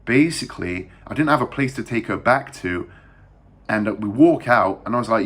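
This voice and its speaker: A young English man telling a story to camera in a casual, rambling and crude way, talking fast with lots of fillers and restarts. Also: on the low side, expressive, fairly bright tone, slightly rough. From England. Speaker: vlogger.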